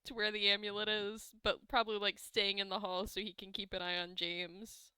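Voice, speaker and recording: A woman player describes her character's moves in a tabletop game, hesitant and thoughtful. Her voice is bright and crisp, slightly high, with a dry close sound. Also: level tone, moderate pace, no room sound. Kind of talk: tabletop role-play.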